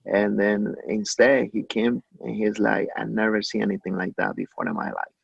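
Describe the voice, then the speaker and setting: A man who grew up in Mexico tells his story in an interview, his lower voice gravelly and breathy. He stops and restarts often and plays out the lines of the people in his stories. The sound is dry and somewhat dull. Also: huge pitch swings, dry recording. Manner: anecdotal, acts out quoted dialogue, halting with many restarts. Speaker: chef, interview guest. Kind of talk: conversational interview.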